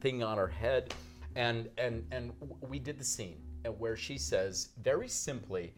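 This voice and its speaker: A man, a guest author, telling an anecdote in a lively, animated way, acting out the quotes. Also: medium pitch, unhurried, soft background music.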